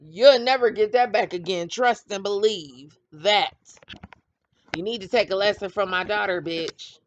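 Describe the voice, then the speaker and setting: Laughing often, a middle-aged woman runs a commentary channel full of blunt, trash-talking gossip. Her voice sits in the mid range and moves a little slowly, captured in dull, dry, lo-fi audio.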